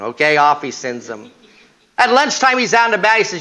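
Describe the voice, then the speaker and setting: A man giving a humorous marriage seminar talk, telling stories and acting out husband and wife lines in a lively way. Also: high voice, brisk. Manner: animated, acts out husband and wife dialogue. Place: church hall.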